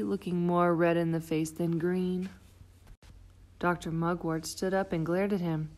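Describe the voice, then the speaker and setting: A woman reading a children's picture book aloud, expressive and playing out the sound effects. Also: fairly low pitch, moderate pace. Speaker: storybook reader.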